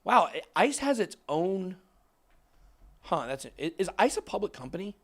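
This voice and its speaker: Excitable man ranting, voice leaping high. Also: moderate pace. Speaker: crypto channel host. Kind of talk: fired-up casual talk on camera.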